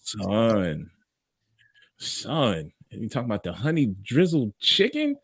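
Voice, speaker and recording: Hyped up podcast dude, husky voice, bouncy pitch, dry sound. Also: male voice, very animated, slow, no room sound. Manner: loud, hyped, playful. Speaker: podcast co-host. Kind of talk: casual chat.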